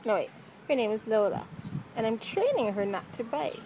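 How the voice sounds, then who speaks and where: A woman's voice: a little high, very animated, moderate pace, darkish tone. A woman casually narrating as she pets a cat outdoors, playful and self-mocking, talking to the cat now and then. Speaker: vlogger. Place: outdoors on a street. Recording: noisy outdoor street recording.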